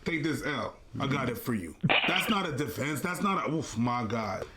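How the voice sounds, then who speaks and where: A man's voice: medium pitch, big pitch swings, moderate pace, very noisy. A man co-hosting a podcast, arguing in a dismissive, profane way. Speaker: podcast co-host. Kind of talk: heated podcast debate.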